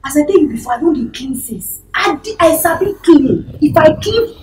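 A woman's voice: high voice, animated, moderate pace, a little mellow, distant mic. A woman speaking Nigerian Pidgin playing an eager cleaner who pleads her case in a job interview. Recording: roomy echo, from off-mic.

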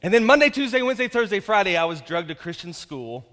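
Male pastor, 30s, very high voice, animated jokey storytelling sermon, long church reverb. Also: fast talker. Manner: energetic storytelling with jokes, rising to shouts. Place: church sanctuary.

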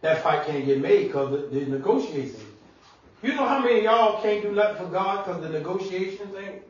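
A man preaching a sermon as pastor, animated and conversational, sometimes shouting and laughing. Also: sits high, brisk. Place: church sanctuary. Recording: echoey church room, mic at distance, dull sound.

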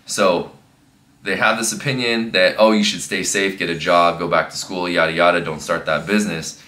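A man's voice: low-pitched, steady tone, moderate pace, pushed and bright. A man who coaches fitness, talking earnestly and rambling a bit, with many fillers and restarts, in a casual motivational monologue.

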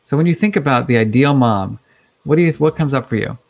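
Chatty man explaining calmly. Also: medium pitch, brisk, vocal fry. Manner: explanatory, chatty with many fillers. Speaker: guest expert on emotions. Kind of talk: conversational interview.

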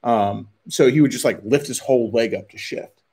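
A man's voice: medium pitch, moderate pace, darkish tone, husky. A man co-hosting a live stream, telling rowdy, profane stories and laughing as he goes. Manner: rowdy, profane storyteller who laughs a lot. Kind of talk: casual live-stream chat.

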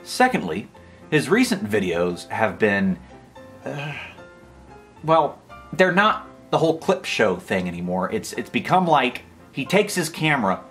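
A man's voice: mid-range voice, wildly swooping pitch, measured pace, fairly bright tone, soft background music. An American man giving a comedic vlog monologue, rambling and over-the-top, often stopping himself mid-sentence. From United States. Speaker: YouTube commentator.

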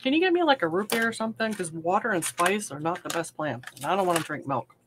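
A woman's voice: on the low side, expressive, fast, noisy background. A woman hosting a casual livestream from her hobby room, chatty and self-deprecating, laughing often. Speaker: livestream host. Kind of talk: casual livestream chat while crafting.

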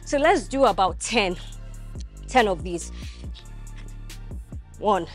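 A woman's voice: medium pitch, animated, takes it slowly, faint music behind. A young woman vlogging her workout in a gym, coaching viewers with energy as she demonstrates the exercises. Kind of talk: instructional workout vlog.

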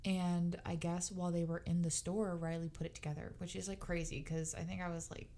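A young woman co-hosting a casual chat, telling childhood stories in a lively way and acting out what people said. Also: lowish voice, brisk. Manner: animated storyteller, acts out quotes. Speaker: podcast co-host.

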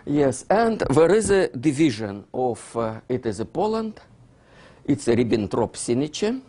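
Animated Russian-accented man lecturing. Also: mid-range voice, a little slow. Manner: keeps asking "yeah?" to check his listeners; non-native grammar, drops articles.

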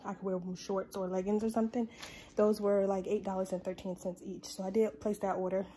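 A woman's voice: medium pitch, flat delivery, fairly quick, warm tone, a little hiss or hum. A young woman chatting casually to her viewers in a vlog, bubbly and talkative, filmed on a handheld phone. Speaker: vlogger.

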